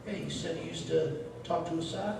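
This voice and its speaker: A man's voice: fairly high pitch, a little fast, gravelly. A man voicing his wisecracking, rude ventriloquist dummy who heckles with crude quips, on a far mic in an echoing room. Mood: sarcastic. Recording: roomy echo, far mic, noise.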